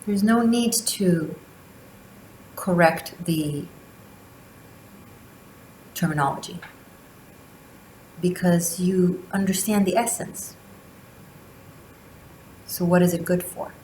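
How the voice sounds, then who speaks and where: A woman tarot reader giving a spiritual monthly reading, speaking slowly and deliberately with long pauses. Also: lowish voice, a little mellow, roomy sound, slight background noise, rough recording. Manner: slow, deliberate delivery with drawn-out pauses.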